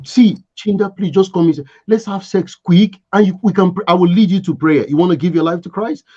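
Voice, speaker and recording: Brief: pushy young pastor's daughter, put on by a man, higher and coaxing, muffled sound. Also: a little fast, warm tone, slightly rough. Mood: insistent. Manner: insistent, coaxing. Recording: dull lo-fi sound.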